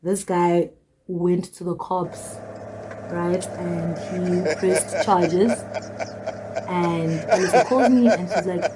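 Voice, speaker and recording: Animated young woman. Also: on the low side, noisy background. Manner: animated, slangy, acts out quoted voices. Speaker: storytime vlogger. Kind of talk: casual storytelling.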